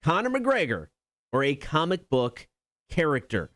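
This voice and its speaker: A man's voice: on the high side, huge pitch swings, a bit bright, dry recording, clean studio sound. A man co-hosting a morning radio show, running a quiz segment with upbeat announcer delivery. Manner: upbeat announcer delivery, reads quotes slowly. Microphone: studio microphone.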